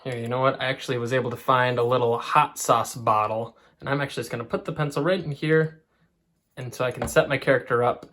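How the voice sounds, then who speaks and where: A man's voice: mid-range voice, fairly even intonation, fast, fairly bright tone. Man teaching a kids' craft. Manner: friendly, step-by-step instruction. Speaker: art teacher. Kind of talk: children's craft lesson.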